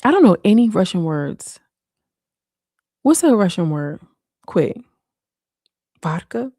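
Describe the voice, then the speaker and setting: A woman's voice: lowish voice, very animated, unhurried, mellow, no room sound, studio quality. A woman hosting a casual late-night livestream, talking in slang and answering viewer comments. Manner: slangy, frequent "like" and "you know". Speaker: livestream host.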